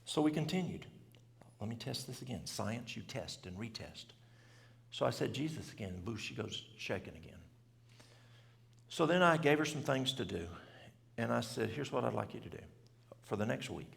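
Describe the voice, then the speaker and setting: A middle-aged man tells a story in a plain, folksy country way. His voice is deeply gravelly, with a middling pitch. It rings out with the long reverb of a church hall. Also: animated, normal speed, a bit bright. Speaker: health seminar speaker. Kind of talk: storytelling talk to a church audience.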